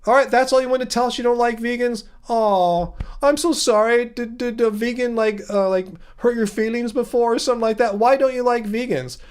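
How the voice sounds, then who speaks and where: A man's voice: very high-pitched, flat delivery, a little fast, hardly any pauses, clear, resonant tone. A man hosting a casual livestream, reading viewer comments aloud and answering them in a rambling way, with many restarts and fillers. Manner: chatty, reads viewer comments aloud and replies. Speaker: livestream host answering chat.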